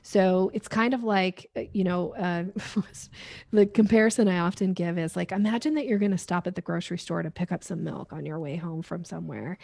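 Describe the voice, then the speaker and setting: Gravelly-voiced woman teaching sales steps. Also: on the low side, brisk, a little mellow, no room sound. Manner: explanatory teaching tone, laughs while making points. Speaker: sales trainer guest. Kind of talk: podcast interview.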